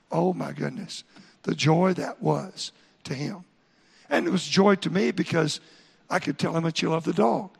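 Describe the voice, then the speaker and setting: A man's voice: a little high, vocal fry, breathy edge. A man preaching a midweek sermon in a folksy storytelling way, repeating himself as he goes. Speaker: pastor. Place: church sanctuary. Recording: church hall reverb.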